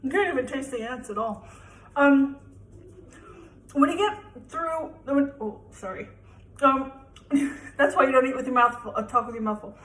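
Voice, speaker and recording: A young woman with a fairly high voice talks her way through a home cooking demo. Her talk is chatty and rambling, with a self-deprecating streak. The kitchen around her sounds echoey. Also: moderate pace, pauses often, a bit bright. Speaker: home cook vlogger. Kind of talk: casual cooking demonstration.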